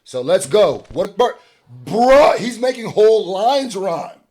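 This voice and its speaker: A man hosting a casual album reaction, swinging between excited hype and quieter mumbled asides. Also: high voice, slow. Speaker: music reaction host.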